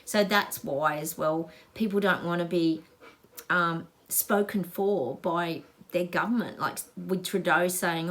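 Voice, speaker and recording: A woman's voice: on the low side, unhurried, vocal fry. A middle-aged Australian woman, a psychic host, talking to viewers in a gushing, emphatic way. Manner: gushing, emphatic, gets emotional. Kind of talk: casual psychic reading to viewers.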